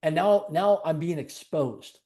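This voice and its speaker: A man's voice: a little high, measured pace, dark tone. A man being interviewed, earnestly telling a personal story in conversation with repetitive, piled-up phrasing. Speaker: interview guest.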